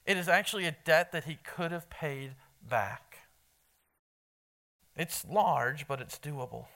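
Male preacher, high bright voice, crisp and clean, chatty and emphatic, quizzes the room. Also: animated, slow pace. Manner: conversational, quizzes the congregation, emphatic. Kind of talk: evening sermon with Bible reading.

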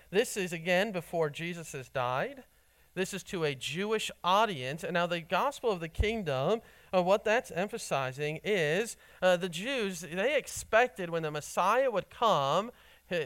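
A man's voice: fairly high pitch, a bit bright. A man preaching a sermon as pastor, teaching earnestly and repeating key words for emphasis.

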